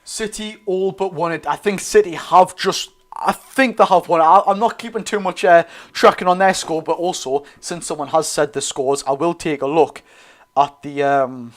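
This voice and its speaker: With a steady tone at normal speed, a young Geordie man hosts a football watchalong, chatting his way through a live match. His voice is a little higher than most men's, and he keeps correcting himself and calling out to the lads.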